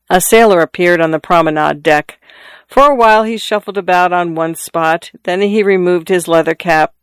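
A narrator reading a classic story aloud in a measured, even manner. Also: mid-range voice, clean tone, dry recording.

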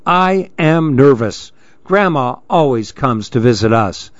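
A man's voice: medium pitch, lively intonation, slow pace, no room sound, muffled recording. A man voicing a nervous little girl who chatters about her worries. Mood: worried. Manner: fretful, chattering.

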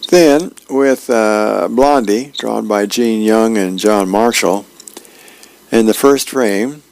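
A man reading advice columns and newspaper comic strips aloud, in a plain, unhurried way with a few fillers. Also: on the low side, vocal fry, a little mellow.

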